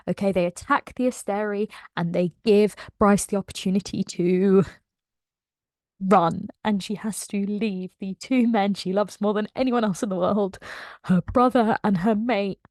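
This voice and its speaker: A woman excitedly recapping a novel in a casual, emotional way, laughing often. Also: mid-range voice, dry recording, studio quality. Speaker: book channel host.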